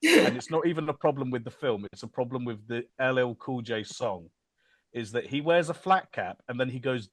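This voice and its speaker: A man's voice: mid-range voice, animated, normal speed. A man hosting a casual film podcast, joking around and dropping silly impressions and sing-song bits. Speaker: podcast host.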